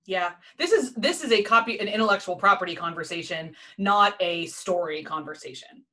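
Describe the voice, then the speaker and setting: A woman's voice: mid-range voice, normal speed, sharp tone. Woman hosting a podcast, chatty, asks lots of curious questions. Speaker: podcast host. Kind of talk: casual interview chat.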